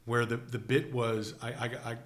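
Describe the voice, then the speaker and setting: A middle-aged man from Chicago, an actor guest telling lively anecdotes in a casual interview. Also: mid-range voice, normal speed. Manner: animated anecdotes, acts out quoted voices.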